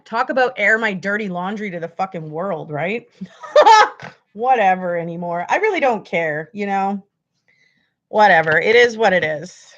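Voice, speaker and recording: A woman's voice: mid-range voice, very animated, unhurried, fairly bright tone, highs cut off. A woman hosting a livestream, ranting at her viewers in a frustrated, profane way. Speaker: livestream host.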